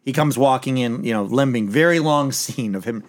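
A man's voice: mid-range voice, moderate pace. A man chatting casually as a podcast host, rambling through a TV episode recap with lots of restarts and the odd swear word.

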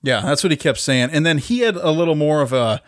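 A man's voice: a little high, animated, fairly quick, a bit bright, no echo, clean studio sound. A man co-hosting a podcast, comparing film versions in loose chat with joking asides. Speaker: podcast co-host. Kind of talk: casual movie discussion.

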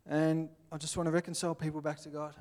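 A man's voice: on the high side, level tone, fast talker, darkish tone. Earnest Australian man preaching. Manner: earnest, plainspoken, acts out little scenes. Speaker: pastor. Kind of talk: sermon.

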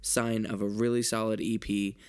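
A man's voice: fairly low pitch, little pitch movement, moderate pace, clear, resonant tone. A man co-hosting a casual album review chat, upbeat and enthusiastic, explaining things plainly. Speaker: podcast co-host.

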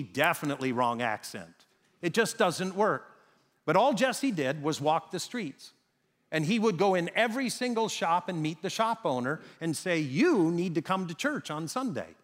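A man preaching a sermon, telling a story with emphatic, dramatic pauses. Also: a little high, a bit bright. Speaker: pastor. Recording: reverberant hall sound.

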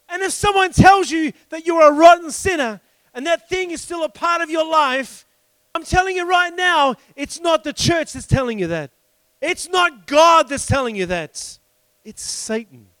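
A man preaching a sermon with passion, breaking into shouts and slowing down to stress key phrases. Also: very high-pitched, dry recording. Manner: impassioned preaching with sudden shouts and slow emphatic phrases. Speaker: pastor.

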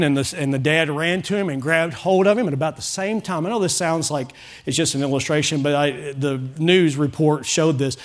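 A man preaching a sermon to his congregation as pastor, fervent and rising to loud pleading calls. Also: fairly high pitch. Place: church sanctuary with a congregation.

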